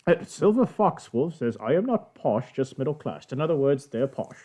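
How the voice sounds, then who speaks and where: A man's voice: mid-range voice, dark tone, a little hiss or hum. A man who is a guest on a casual livestream, talking in a wry, joking manner and laughing easily.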